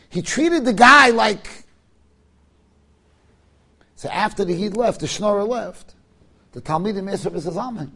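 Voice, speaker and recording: A rabbi delivering a sermon through a story. His voice is high for a man, and he moves between quiet, hushed narration and loud, emphatic bursts. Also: expressive, normal speed, vocal fry.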